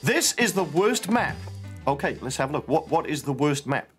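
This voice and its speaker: A man's voice: a little high, big pitch swings, moderate pace, fairly bright tone, husky, soft background music. A man reacting casually to game videos as a YouTuber, playful and laughing often as he reads on-screen dialogue aloud. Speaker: gaming YouTuber.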